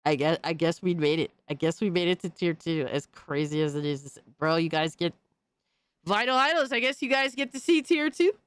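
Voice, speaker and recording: A woman livestreamer in casual, profane chat, excitably reacting to videos and thanking viewers by name. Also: lowish voice, normal speed, clean tone, dry recording.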